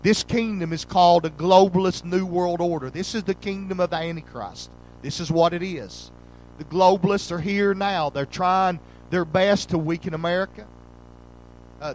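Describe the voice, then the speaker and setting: Pastor guy preaching hard, kinda high voice, goes loud then drops low, little hum behind. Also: rough recording. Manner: fervent, swells loud on key lines then drops low; reads scripture in old King James wording. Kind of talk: preaching a sermon.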